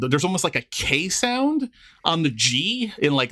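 Lively man co-hosting a podcast. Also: medium pitch, normal speed. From New York, Queens. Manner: animated, jokes with put-on accents. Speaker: podcast co-host. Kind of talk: casual chat.

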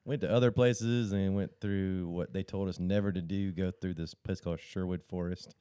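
A man guest on a podcast, chatting casually and adding dry, low-key remarks. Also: steady tone, moderate pace, dark tone, clear, resonant tone, dry recording. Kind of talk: casual chat.

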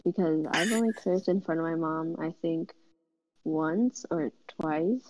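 A woman's voice: deep voice, measured pace, darkish tone, poor audio. A teenage girl co-hosting a casual podcast chat, rambling through stories with lots of giggles and filler words. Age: teens. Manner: giggly, rambling, acts out her mom in quotes. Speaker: podcast co-host.

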